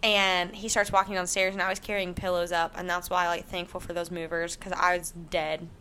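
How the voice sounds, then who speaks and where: Bright-voiced young woman chatting. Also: fairly low pitch, fairly quick, slight background noise. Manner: lively, storytelling with dramatic quotes. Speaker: roommate. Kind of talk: casual chat.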